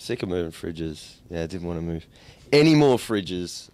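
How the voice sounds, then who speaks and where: A man's voice: low-pitched, animated, moderate pace, darkish tone, no echo. An Australian man in a band, answering interview questions with dry, rambling jokes. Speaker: band member. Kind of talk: casual interview.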